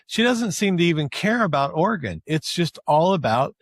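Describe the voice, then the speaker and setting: A man's voice: a little high, big pitch swings, moderate pace, no echo, clean studio sound. A man co-hosting a podcast, chatting casually about politics, agreeing often and filling in background. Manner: agreeable, frequent yeahs, explains background. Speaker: podcast co-host.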